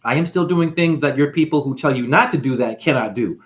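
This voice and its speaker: A man giving a freewheeling, jokey spiritual monologue, shouting catchphrases and acting out characters. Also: mid-range voice, expressive, normal speed. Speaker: spiritual talk host.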